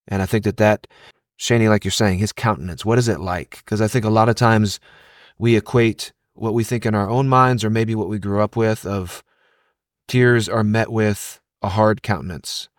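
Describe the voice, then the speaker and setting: A man co-hosting a Christian podcast, speaking in a measured, thoughtful way and quoting scripture. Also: fairly low pitch, fairly even intonation, no room sound, clean studio sound. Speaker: podcast co-host.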